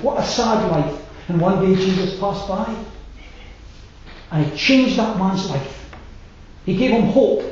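Man, preacher, sermon, earnest, emphatic lists, soft drops, dull muffled recording. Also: sits high. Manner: earnest, rising to emphatic lists then dropping soft on key lines. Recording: echoey room with faint noise, dull sound.

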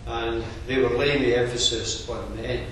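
Man preaching, steady and earnest, big echo, mic way off across the hall. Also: medium pitch, a little hiss or hum. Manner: measured, earnest expository preaching. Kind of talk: sermon. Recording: very echoey, distant room recording.

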